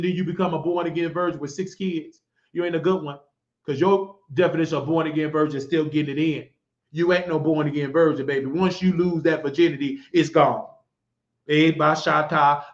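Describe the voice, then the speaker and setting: A man's voice: on the high side, a bit bright. A middle-aged man hosting a talk show, delivering a scolding, mocking, preachy rant. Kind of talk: ranting monologue. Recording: echoey lo-fi room sound.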